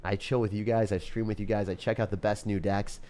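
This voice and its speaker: A man's voice: fairly low pitch, flat delivery, fairly quick, warm tone. Laid-back young man chatting on stream. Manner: chatty and laid-back, says dude and bro, laughs often. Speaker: game streamer. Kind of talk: casual live-stream chat.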